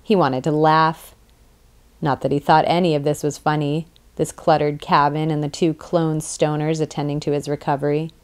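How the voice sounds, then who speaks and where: A woman narrating a sci-fi audiobook in a dry, even storytelling manner. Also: sits low, normal speed, clear, resonant tone. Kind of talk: scripted narration.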